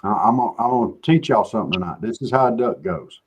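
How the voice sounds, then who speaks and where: A man's voice: medium pitch, lively intonation, quick pace, breathy edge, low-quality recording. A man hosting a casual chat show, joking in a folksy, drawling way. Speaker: show host.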